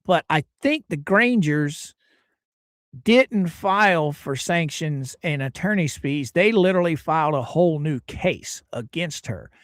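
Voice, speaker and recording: Guy hosting a livestream, kinda high voice that bounces all over, dry close sound, chatty and greets chat by name. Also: lively intonation, unhurried, no echo. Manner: chatty, greets viewers by name, hedges often. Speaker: livestream host. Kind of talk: casual live-stream chat.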